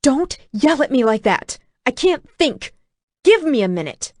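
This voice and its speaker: A woman voicing a distraught, sharp-tongued young woman who snaps when upset. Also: mid-range voice, normal speed, no echo, studio quality, lightly acted. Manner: upset, snapping.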